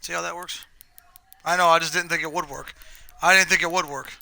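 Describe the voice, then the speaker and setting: High, sharp-voiced man telling rambling stories. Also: fairly even intonation, a little fast, gravelly, no echo. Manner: rambling, profane storytelling. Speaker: game streamer. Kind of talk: casual live-stream chat.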